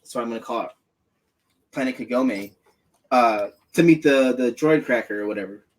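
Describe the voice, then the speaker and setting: A man's voice: mid-range voice, normal speed. A man hosting a podcast, chatting casually about a movie, swearing a lot and acting out lines in silly voices. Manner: profane, animated, acts out quotes in silly voices. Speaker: podcast host.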